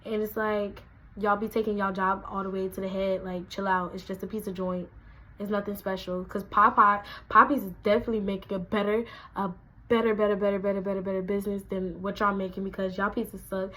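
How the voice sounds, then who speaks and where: A young woman, telling a casual storytime, animated and acting out quotes in a raised voice. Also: mid-range voice, fairly quick, poor audio. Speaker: vlogger.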